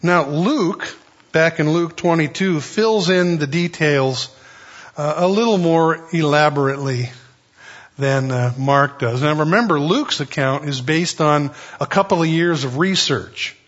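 A man's voice: on the high side, fairly bright tone. A man preaching an expository sermon in a conversational way, with folksy asides. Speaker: pastor. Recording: dull lo-fi recording.

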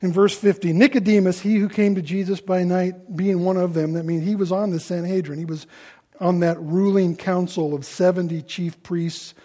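A man preaching a sermon in a conversational way, acting out the people he quotes in louder voices. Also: high-pitched, steady tone, normal speed. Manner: conversational, acts out quoted voices with rising loudness.

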